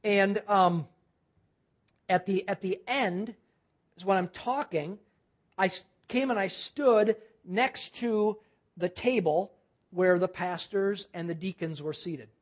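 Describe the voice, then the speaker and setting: Minister, sermon anecdote, earnest, mid pitch, restarts a lot. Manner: earnest, halting with frequent restarts. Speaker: guest minister. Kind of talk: sermon storytelling.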